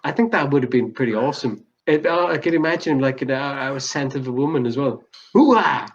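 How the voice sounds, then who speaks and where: A man's voice: medium pitch, fast, highs cut off. A man co-hosting a podcast, chatting casually, rambling and restarting his sentences as he laughs along. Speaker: podcast co-host.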